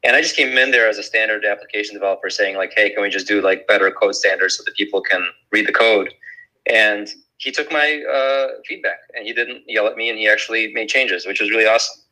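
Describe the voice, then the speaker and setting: A man's voice: on the low side, fast, rough recording. A man on an audio chat app stream, casually talking about contributing code, with frequent fillers. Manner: relaxed, filler-heavy. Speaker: guest speaker.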